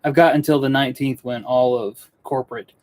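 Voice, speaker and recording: A man's voice: medium pitch, steady tone, brisk, a little mellow. A young man from Western North Carolina chatting casually to viewers on a live stream in his studio, rambling and earnest. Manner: rambling, earnest, self-interrupting. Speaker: woodworking YouTuber on a live stream. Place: indoor studio workspace.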